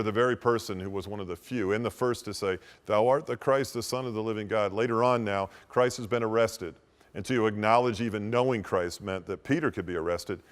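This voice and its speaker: Guy hosting a devotional show, kinda low voice, earnest, goes loud then quiet. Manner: expressive, swings between emphatic and hushed; earnest and explanatory. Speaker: host of a devotional program. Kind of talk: devotional teaching talk.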